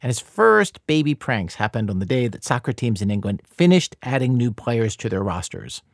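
A man hosting a radio documentary show, delivering scripted narration in a measured, dry, conversational way. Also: medium pitch, very animated, no echo.

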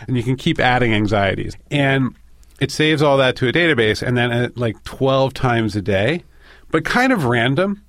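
A man telling a candid personal story, animated and self-deprecating, sometimes mimicking his inner voice. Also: mid-range voice, gravelly, no room sound, clean studio sound. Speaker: interviewee.

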